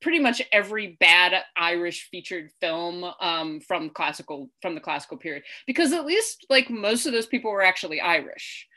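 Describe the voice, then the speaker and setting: A woman co-hosting a casual chat about a film, animated, laughing often and acting out quotes. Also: fairly low pitch, moderate pace, hardly any pauses. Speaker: podcast co-host.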